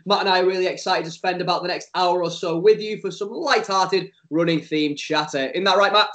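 A man hosts a light-hearted podcast, his voice sitting high and bright. He is playful and teasing and laughs easily. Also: brisk. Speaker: podcast co-host.

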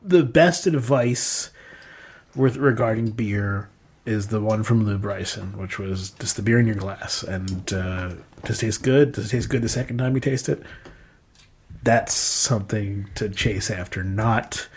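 A man's voice: fairly low pitch, a little slow, slightly rough. A man co-hosting a podcast in casual chat, joking and blunt.

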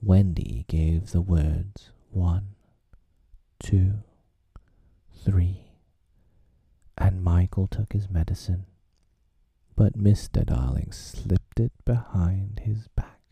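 A man reading a children's story aloud as a whispered role-play for an ASMR audience, with a gravelly whisper. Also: low voice, takes it slowly, dark tone, no room sound.

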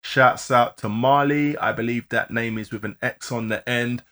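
A man co-hosting a live-streamed podcast, rattling off listener shout-outs and laughing often. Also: mid-range voice, fairly even intonation, moderate pace, background noise. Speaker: podcast co-host.

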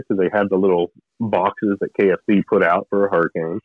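Deep-voiced man on a tinny line. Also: fairly even intonation, dry recording. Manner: rambling, halting, earnest storytelling. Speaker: guest telling his story. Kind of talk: personal testimony in conversation. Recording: narrow phone-like line, dry.

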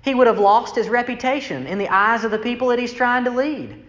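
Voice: brisk, a bit bright. A preacher talks through a scripture passage in a casual, questioning way, acting out each quoted voice. The sound is muffled and lo-fi, caught in a big echoey hall with a long, lingering reverb. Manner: conversational, asks rhetorical "right?" questions; acts out quoted speech with shifts in pitch. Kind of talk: sermon, reading scripture and explaining it.

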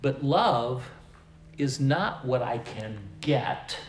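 A man's voice: medium pitch, animated, reverberant, a little hiss or hum. A man from the American Midwest preaching a sermon, emphatic, with volume that swells and drops. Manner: slow, emphatic preaching with rising and falling volume. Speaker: pastor.

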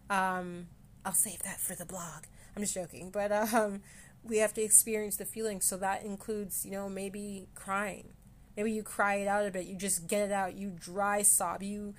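Brief: woman hosting a personal podcast, candid and self-mocking, halting delivery, emotion just beneath the surface. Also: medium pitch. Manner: candid, self-deprecating, halting with fillers and restarts. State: close to tears at times. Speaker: podcast host. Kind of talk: personal mental health podcast.

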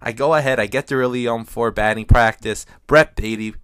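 A man telling a personal story in a casual, animated, rambling way. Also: mid-range voice, brisk, smooth, dry recording, clean studio sound. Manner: animated, rambling with restarts and fillers.

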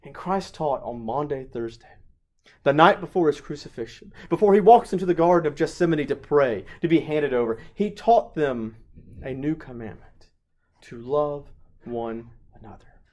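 A man's voice: on the high side, expressive, normal speed. Man preaching a swinging-volume sermon. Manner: preaching with big swings from loud emphasis to soft near-whispers. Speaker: parish priest.

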